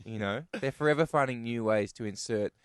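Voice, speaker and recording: A man co-hosting a comedic radio chat, firing quick ironic interjections. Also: medium pitch, clean tone, no room sound, clean studio sound. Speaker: radio co-host.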